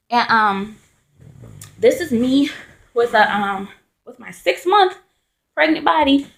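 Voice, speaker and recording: Woman, young adult, vlogger, casual chat, animated storytelling, raspy fry in the voice. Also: fairly high pitch. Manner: chatty, animated storytelling with candid asides.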